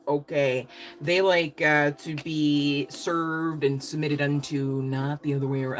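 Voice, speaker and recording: Her voice is low and her pace measured as she gives a live tarot reading. The talk is casual, full of laughter, cheeky swearing and slang.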